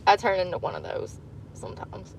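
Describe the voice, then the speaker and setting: A woman's voice: fairly low pitch, very animated, brisk, vocal fry, slight background noise. A woman, livestreaming casual chat from a parked car, rambling and candid and laughing often. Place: parked car in a parking lot.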